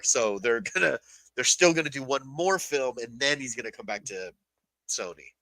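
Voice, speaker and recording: A man co-hosting a podcast in casual chat, explaining things with lively quoted asides. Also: medium pitch, moderate pace, vocal fry, no room sound. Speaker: podcast co-host.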